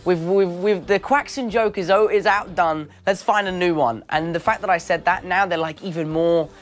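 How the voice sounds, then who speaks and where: A man's voice: high-pitched, fairly even intonation, moderate pace. A young English man telling stories in a casual interview, playful, acting out quotes and laughing easily. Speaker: actor guest.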